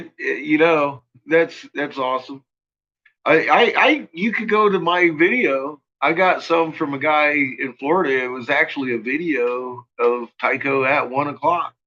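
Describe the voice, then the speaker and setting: A man's voice: mid-range voice, sharp tone, dull audio. A man hosting a casual livestream chat, rambling, swearing freely and laughing often. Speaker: channel host.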